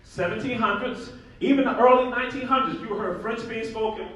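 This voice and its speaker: A man's voice: very high-pitched, a little fast, recorded from a distance, slight background noise. Emphatic man lecturing in an echoey hall. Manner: emphatic and animated, repeats key phrases. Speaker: conference speaker. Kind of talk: public lecture.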